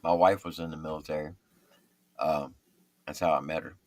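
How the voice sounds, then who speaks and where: A middle-aged man and military veteran telling war stories in casual, profane, animated talk. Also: rumbling low, normal speed, a crowd in the background. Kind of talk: casual storytelling.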